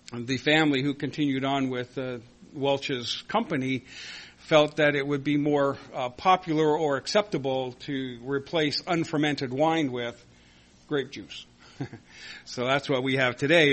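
Slow, halting male pastor. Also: fairly high pitch. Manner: slow, halting, with many fillers and soft laughs. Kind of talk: communion sermon.

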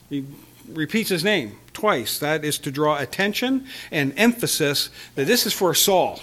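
A man preaching a sermon, reading scripture slowly and with emphasis, chuckling lightly between points. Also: on the high side. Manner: expressive, stretches quoted scripture slowly with emphasis.

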